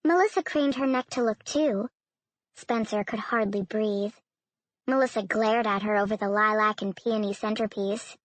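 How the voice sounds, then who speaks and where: A woman narrating an audiobook in an even, storytelling manner. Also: medium pitch, moderate pace, no echo. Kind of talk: scripted narration.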